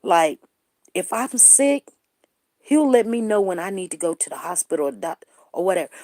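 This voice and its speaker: A middle-aged woman hosting a casual talk show, telling a story in lively chat and acting out the people she quotes. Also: lowish voice, moderate pace, no room sound, clean studio sound. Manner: animated, acts out quoted people. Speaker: show host.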